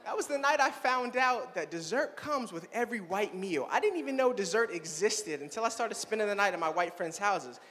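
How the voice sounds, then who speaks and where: A man's voice: sits high, brisk, few pauses. A young man in his twenties performing a playful stand-up comedy set on stage and talking straight to the audience. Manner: animated, playful, addresses the audience directly. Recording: long hall reverb.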